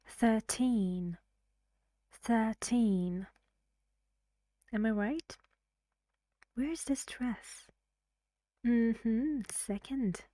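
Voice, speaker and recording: A woman's voice: a little high, extremely slow, long pauses, warm tone, no echo. A woman who is a native Persian speaker, teaching English pronunciation in a recorded lesson, explaining carefully and often asking the learner questions.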